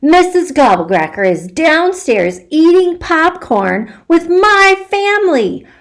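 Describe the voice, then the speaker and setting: A woman playing a loud, excitable little girl. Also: a little slow. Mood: outraged. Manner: high, loud, emphatic.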